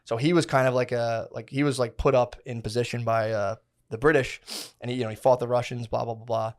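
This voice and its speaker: A man's voice: medium pitch, level tone, fairly quick. A man in his thirties co-hosting a casual podcast, telling a long history story with slang, swearing and many restarts. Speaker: podcast co-host.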